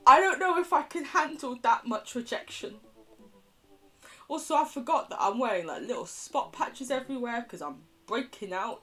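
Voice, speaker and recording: Quick, foul-mouthed woman streamer. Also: a little high, very animated. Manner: quick, chatty, swears freely, laughs often. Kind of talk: live-stream game commentary.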